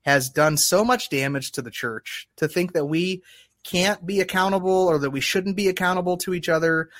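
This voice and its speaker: A man co-hosting a casual faith podcast, talking earnestly and haltingly as he searches for words. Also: high voice, fairly bright tone, no echo, clean studio sound. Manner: earnest, halting, restarts often when emotional. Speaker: podcast co-host.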